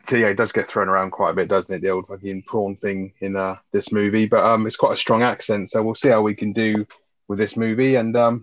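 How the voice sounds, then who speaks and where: A man's voice: lowish voice, no echo. A man co-hosting a casual film podcast, blunt and sweary, who also reads out a plot synopsis. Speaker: podcast co-host.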